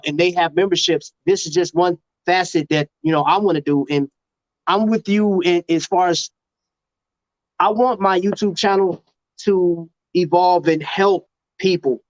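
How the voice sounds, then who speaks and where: A man from Chicago hosting a casual live-stream chat, telling stories in an animated way and laughing often. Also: high-pitched, no echo. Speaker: host. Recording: dry, dull lo-fi sound.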